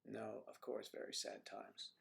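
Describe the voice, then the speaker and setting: A man's voice: on the low side, completely flat delivery, measured pace, creaky, a bit bright. A man hosting a casual livestream, chatting and telling rambling stories. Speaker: livestream host.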